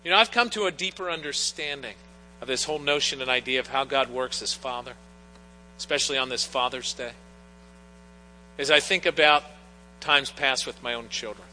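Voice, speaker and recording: Speaking at a moderate pace in a bright, forceful mid-range voice, this middle-aged pastor earnestly weaves personal anecdotes into his sermon. The church sanctuary adds long reverb, and a faint mains hum sits underneath.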